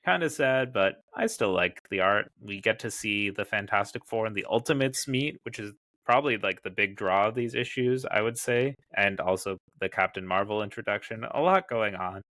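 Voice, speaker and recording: A man's voice: fairly low pitch, normal speed, few pauses, sharp tone, dry recording. A man co-hosting a podcast about comics, chatting casually and reading lines aloud with playful voices. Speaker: podcast co-host.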